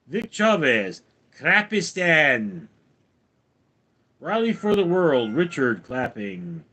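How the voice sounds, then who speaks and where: A man live-streaming from home, reading chat comments and answering in a dry, deadpan way. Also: on the high side, takes it slowly.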